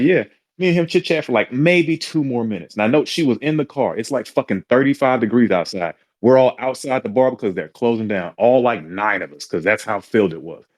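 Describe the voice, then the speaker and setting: A man's voice: mid-range voice, no room sound. A man co-hosting a podcast, telling a story in a casual, profane way and acting out what people said. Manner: animated, profane, acts out quotes in voices. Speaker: podcast co-host.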